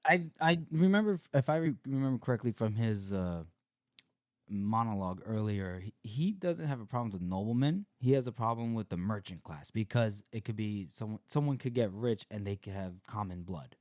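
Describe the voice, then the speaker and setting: A man co-hosting a casual book-discussion podcast, talking in an animated way with laughing asides. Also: lowish voice, a little fast, dry recording, studio quality. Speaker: podcast co-host.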